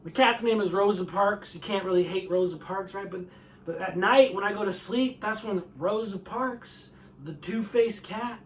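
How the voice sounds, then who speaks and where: A man performing a stand-up set, animated, often laughing and acting out voices. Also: high voice, normal speed, a little hiss or hum. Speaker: stand-up comedian.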